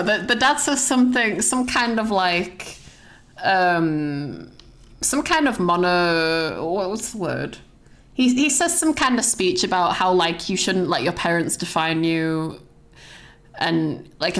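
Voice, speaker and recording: A woman's voice: fairly low pitch, a bit bright. A young woman chats casually on stream about a film she just saw. She rambles and swears freely, and fills her sentences with "like". Her tone stays loose and conversational. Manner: rambling, sweary, full of likes. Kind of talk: casual chat, movie rant.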